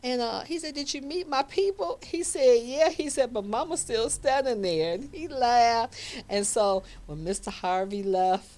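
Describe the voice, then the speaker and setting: A woman's voice: a little high, unhurried. A woman, hosting a radio talk show, tells a story in casual chat and acts out the voices in it. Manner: animated, laughing, acts out quoted voices.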